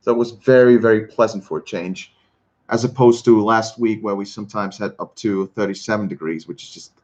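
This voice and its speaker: A man from Switzerland, hosting a casual livestream and chatting with viewers in a halting way, often repeating words and chuckling. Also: lowish voice, fairly even intonation, darkish tone, muffled recording. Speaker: livestream host. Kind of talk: casual chat reading viewer comments.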